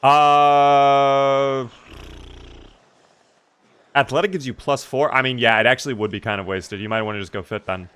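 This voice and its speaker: A man's voice: medium pitch, steady tone, normal speed, long pauses, a bit bright, clear, resonant tone. A man streaming a game live, chatting casually and answering his chat as he plays.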